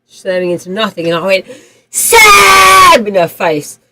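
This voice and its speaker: A woman's voice: lowish voice, fairly even intonation, brisk, shouting, heavy background noise. A woman, streaming a game while telling a vivid personal story in a rambling way, with swearing and frequent restarts. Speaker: livestream gamer.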